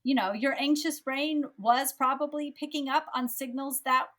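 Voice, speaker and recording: A woman's voice: sits high, fairly even intonation, moderate pace, a bit bright. Reassuring woman podcast host. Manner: reassuring, affirming. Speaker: podcast host, lactation consultant. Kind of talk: casual interview.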